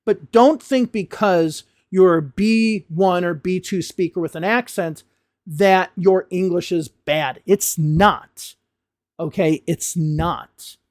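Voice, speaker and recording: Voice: mid-range voice, slow, darkish tone, no echo, studio quality. Blunt, passionate American English teacher. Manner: emphatic, passionate, blunt, swears casually. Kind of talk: direct-to-camera lesson rant.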